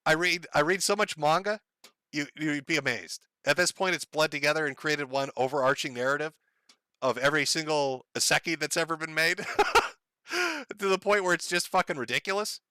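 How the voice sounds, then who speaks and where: A man's voice: on the high side, brisk, bright, forceful tone, smooth, no room sound, studio quality. A middle-aged man streaming, chatting casually, reading donations and swearing freely with a wry, joking manner. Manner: profane, wry, laughs at his own jokes. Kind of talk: casual live-stream chat.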